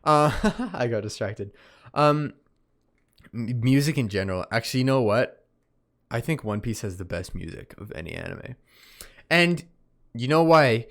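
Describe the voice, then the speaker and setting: A man's voice: mid-range voice, animated, normal speed, pauses often, fairly bright tone. A young man talks through a casual solo podcast review in a loose, meandering way, often stopping to correct himself. He sounds tired and keeps yawning between points. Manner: rambling, self-correcting, easily distracted, yawning. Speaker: podcast host reviewing anime.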